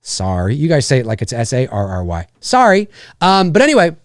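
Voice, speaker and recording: Canadian man, live stream host, rambling casual chat, animated voice, dry sound. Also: medium pitch, fast, no echo. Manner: rambling, with many fillers and restarts.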